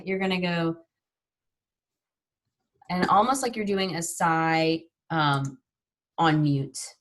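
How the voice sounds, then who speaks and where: A woman's voice: on the low side, expressive, measured pace, long pauses. A woman teaching an online mindfulness class, upbeat and chatty, guiding breathing exercises with frequent yawning.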